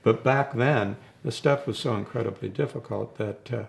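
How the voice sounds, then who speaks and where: An older man who plays drums in a rock band reminisces during an interview, rambling casually and chuckling between stories. His creaky voice sits at a medium pitch and moves at a moderate pace.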